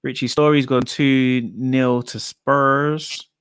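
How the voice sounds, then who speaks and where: A chatty man hosts a relaxed football chat. He talks at a middle pitch, often laughs, and runs through viewers' predictions. His voice sounds dry and close, with no room echo. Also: slow, clean tone. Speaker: football podcast host.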